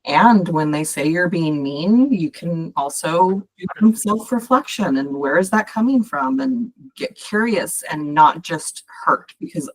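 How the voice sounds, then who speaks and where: Brief: woman, coach hosting a podcast, lowish voice, encouraging. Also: animated, measured pace, hardly any pauses. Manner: encouraging, addresses listeners directly. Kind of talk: casual podcast conversation.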